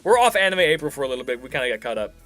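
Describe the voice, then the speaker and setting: A man's voice: medium pitch, rapid-fire, faint music behind. A man co-hosting a casual podcast, laughing often and swearing freely as he chats. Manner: laughs a lot, lively and profane. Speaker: podcast co-host. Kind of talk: casual chat.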